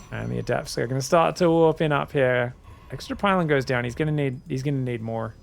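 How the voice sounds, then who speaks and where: A man casting a strategy game match solo, excitable and chatty, often calling out to his viewers. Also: on the high side, creaky. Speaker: esports caster.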